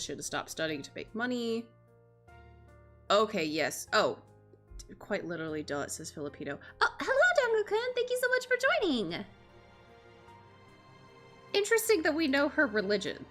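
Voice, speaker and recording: A woman's voice: mid-range voice, fairly bright tone. A young American woman streaming a game, reading its text aloud with dramatic flair and chatting casually, swearing and laughing along the way.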